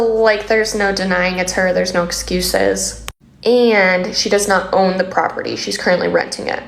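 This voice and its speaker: A woman's voice: medium pitch, creaky, echoey room, a little hiss or hum. A woman casually telling a story to camera about her neighbor, matter-of-fact and step by step. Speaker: homeowner telling a story in a social video.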